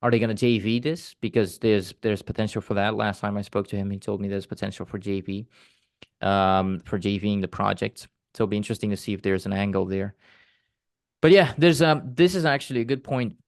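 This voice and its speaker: A man's voice: on the low side, fairly even intonation, a little fast, no echo, clean studio sound. A man hosting an interview, chatting casually in a rambling way before bringing in his guest. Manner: rambling, with fillers and restarts. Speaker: interview host.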